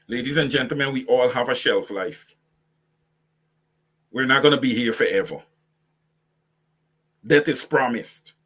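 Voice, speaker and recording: A man's voice: mid-range voice, expressive, a little slow, pauses often, fairly bright tone, breathy edge. A man with a Guyanese accent hosting impassioned political commentary, preaching fiery direct address to his audience. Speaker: host.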